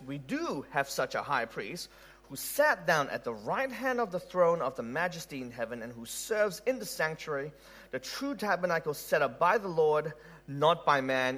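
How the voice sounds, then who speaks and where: A man preaching An animated male preacher delivering a sermon. His voice sits a little high and swings widely in pitch. He keeps throwing rhetorical questions at the listeners. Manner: animated, rhetorical questions, laughs at own story.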